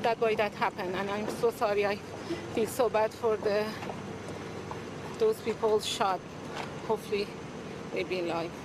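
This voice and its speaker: A woman being interviewed outdoors, speaking in halting, emotional phrases. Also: mid-range voice, steady tone. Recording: street and traffic noise.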